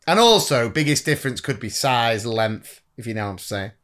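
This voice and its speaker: A man's voice: medium pitch, lively intonation, moderate pace, fairly bright tone. A middle-aged man co-hosting a podcast in casual chat, joking and teasing, laughing often. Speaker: podcast co-host.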